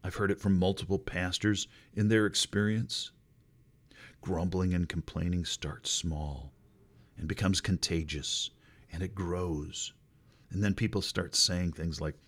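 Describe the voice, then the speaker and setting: A middle-aged male pastor preaching a sermon, expressive and wry, with sudden jumps in pitch for emphasis. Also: unhurried.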